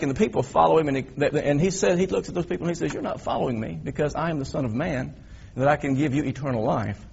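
A man preaching a sermon as a pastor, telling the story in an animated way and swinging between loud emphasis and quiet reflection. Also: high voice, gravelly, breathy edge, dull audio.

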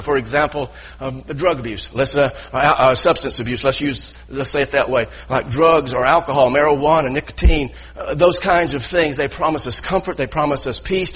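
Male pastor, husky mid-pitched voice, earnest stop-start preaching, muffled church recording. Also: fairly bright tone. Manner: earnest preaching with repeated restarts. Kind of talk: sermon.

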